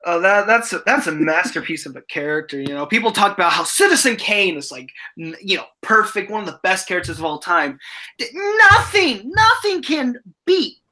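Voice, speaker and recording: A woman's voice: fairly low pitch, animated, fairly quick, bright, forceful tone. A woman co-hosting a casual live stream, rambling with many restarts. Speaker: guest co-host.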